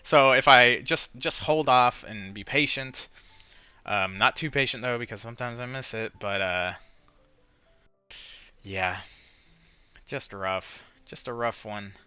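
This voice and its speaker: A man's voice: mid-range voice, slow pace, long pauses, bright, forceful tone, clean tone, no echo, muffled recording. Frustrated man ranting about his trading day. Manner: frustrated, swearing, rambling with many restarts. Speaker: day trader recapping his session. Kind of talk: casual solo recap rant.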